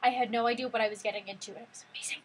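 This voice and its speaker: Excitable high-voiced young woman vlogging. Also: rapid-fire, slight background noise. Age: 18, college student. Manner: excitable, gushing, heavy use of "like". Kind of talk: casual storytelling vlog.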